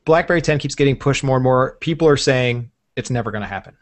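A man hosting a casual tech podcast, relaxed and joking, rambling through the news. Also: mid-range voice, fast. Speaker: podcast host.

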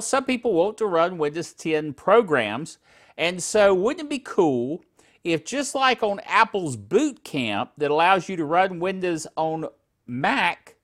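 Speaking in a high, fairly bright voice, a middle-aged man runs a laid-back tech podcast out of his living room. He jokes and wanders off topic, trips over words, and chuckles at his own mistakes.

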